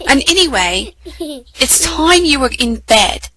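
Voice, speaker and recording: A sensible, motherly older girl sets the rules in a storybook reading, as a woman puts her on. She sounds prim and a little bossy, pitched slightly up and bright. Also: big pitch swings, measured pace, full character voice, rough recording.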